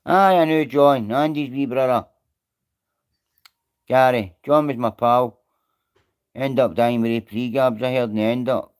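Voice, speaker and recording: A man's voice: medium pitch, steady tone, unhurried, pauses often, clean tone. A Scottish man on a live stream, rambling and greeting viewers by name in casual chat.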